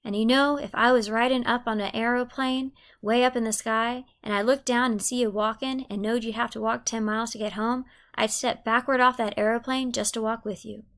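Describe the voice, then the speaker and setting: A woman's voice: a little high, fairly even intonation, a little fast, few pauses, fairly bright tone. A woman reading the part of a boastful young man courting a girl, with showy boasts in rural dialect.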